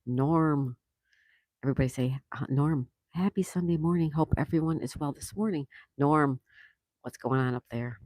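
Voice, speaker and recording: A woman's voice: sits low, moderate pace, warm tone, dry recording. A woman hosting a livestream, chatting casually and greeting viewers by name as she reads their comments aloud. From Florida. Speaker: livestream host.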